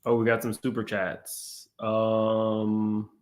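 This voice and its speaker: A man's voice: on the low side, monotone, takes it slowly, darkish tone. A man hosting a live stream, chatting casually and reading viewer messages aloud. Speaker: channel host.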